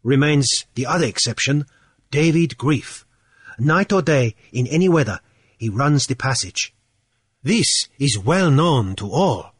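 A man reading the part of a calm man at a card table, reasoning out loud in a measured, deliberate way. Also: mid-range voice, husky, dry recording, clean studio sound.

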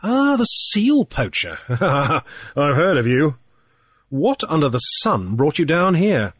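A man reading a storybook, voicing a shrewd, cool male sea trader in a brisk, airy way with small hesitations. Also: fairly high pitch, big pitch swings, a bit bright, husky, no room sound, studio quality, pitched above the performer's own voice, exaggerated voice. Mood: cool, probing. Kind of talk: audiobook character voice.

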